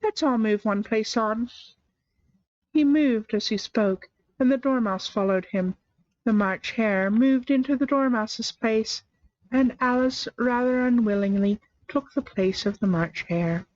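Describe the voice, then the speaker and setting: Expressive woman reading a storybook aloud. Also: fairly high pitch, unhurried, no echo. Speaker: storybook reader. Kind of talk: scripted narration, live reading. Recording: dry, slightly muffled lo-fi sound.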